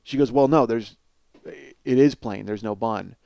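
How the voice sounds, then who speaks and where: A man's voice: mid-range voice, a little slow, gravelly, dark tone, smooth, dry recording. A man hosting a comedy podcast, telling a rambling, profane, self-mocking story and laughing at his own jokes. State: cold sore on face. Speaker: podcast host. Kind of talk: comic storytelling monologue.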